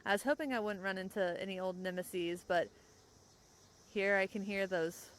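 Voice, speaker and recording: A young woman hosting a podcast in casual chat, rambling and quick to laugh. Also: medium pitch, fairly even intonation, a little hiss or hum, poor audio. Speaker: podcast host. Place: outdoors, in a parked car.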